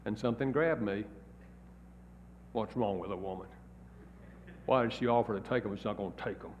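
A man's voice: on the low side, a little fast, a little mellow, a little hiss or hum. A married man preaching a sermon in a folksy, plain-spoken storytelling way. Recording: echoey hall, dull lo-fi sound.

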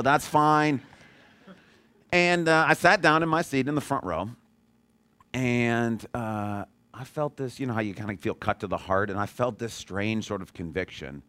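A man's voice: mid-range voice, fairly bright tone, dry recording. A middle-aged man preaching a sermon, telling a personal story in a conversational, self-deprecating way. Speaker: pastor.

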